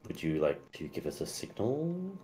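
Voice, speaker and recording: A man voicing a freed salamander creature in a tabletop game, asking calm, plain questions. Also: fairly low pitch, normal speed, slight background noise, pitched above the performer's own voice. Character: large fire salamander, freed prisoner, calm, pragmatic.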